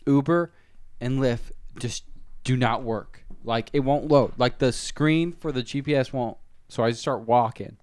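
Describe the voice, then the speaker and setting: A man spins a long, wandering story in easy podcast chat, stopping and restarting and leaning on "like" fillers. His voice is smooth and clean. It sits close and dry, with no room sound at all. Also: medium pitch, measured pace, darkish tone, no room sound. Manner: rambling, full of "like" fillers and restarts. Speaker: podcast regular telling a story. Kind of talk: casual chat.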